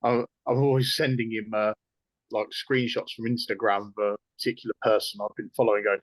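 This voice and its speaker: A man's voice: on the low side, little pitch movement, a little fast, no echo, rough recording. English Midlands man, chatty and dry. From England. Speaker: co-author guest. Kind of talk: casual interview chat.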